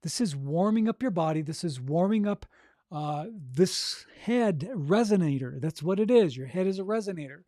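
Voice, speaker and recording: A man coaching authors on narrating their audiobooks, talking casually and demonstrating breathing and voice warm-ups. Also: high-pitched, lively intonation, moderate pace, no echo, clean studio sound. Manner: encouraging, conversational, frequent "okay?" and "right?". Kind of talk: coaching monologue.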